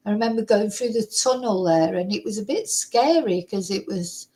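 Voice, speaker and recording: A woman's voice: mid-range voice, animated, normal speed, mellow, low-quality recording. A middle-aged woman with a Mancunian accent tells stories in a loose, chatty way. She wanders between thoughts, leaning on fillers and little laughs. Her voice sits in an ordinary middle range for a woman. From Manchester, England. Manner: rambling, chatty storyteller with frequent fillers and laughs. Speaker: vlogger. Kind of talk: casual chat.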